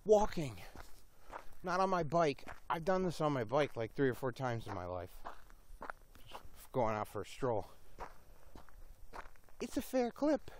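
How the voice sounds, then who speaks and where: A man's voice: on the high side, a little hiss or hum. A man vlogging casually while walking outdoors along a road, rambling and swearing to himself, a little giddy and hyper.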